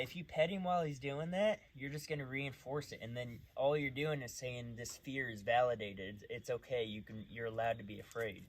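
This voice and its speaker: A man with an ordinary middle-pitched voice talks through a night training session with a dog. He explains at length in a loose, rambling way, then cuts in with clipped, firm commands. A faint hiss of background noise runs under the recording. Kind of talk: casual talk while training a dog. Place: outdoors at night.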